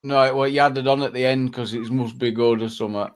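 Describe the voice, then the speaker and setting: Fast-talking man moderating a panel. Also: medium pitch, fairly even intonation, clear, resonant tone. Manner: brisk, steering the talk along. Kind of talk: live-stream panel moderating.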